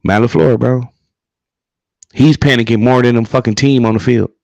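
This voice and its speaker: A man's voice: medium pitch, steady tone, moderate pace, creaky, darkish tone, no room sound, muffled recording. A man co-hosting a livestream, ranting heatedly in casual talk about his team, profane and repetitive. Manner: heated, profane, repeats himself. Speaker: livestream co-host. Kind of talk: profane casual sports rant.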